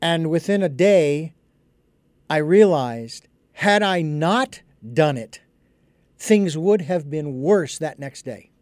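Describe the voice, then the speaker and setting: A man's voice: on the high side, expressive, slow, darkish tone, dry recording. A middle-aged man hosting a casual conversation, speaking thoughtfully with frequent hesitations. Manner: thoughtful, hesitant, many uh fillers. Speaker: host.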